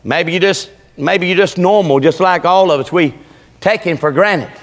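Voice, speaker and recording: A man preaching a sermon, telling folksy stories in plain dialect and rising to shouts. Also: sits high, normal speed, in a large hall.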